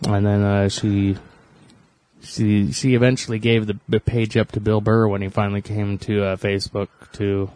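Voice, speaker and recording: A man's voice: fairly low pitch, level tone, moderate pace, a little mellow, no echo. A man co-hosting a crude podcast chat, laid-back and hesitant, trailing off into fillers. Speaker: podcast co-host.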